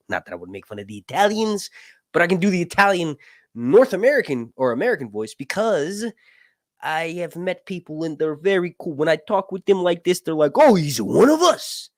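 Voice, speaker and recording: Here a man with a slightly high voice talks fairly quickly, his pitch swinging widely. He's hosting an easygoing livestream Q&A, wandering through fantasy lore, cursing casually and asking "right?" a lot. The recording is dry with clean studio sound.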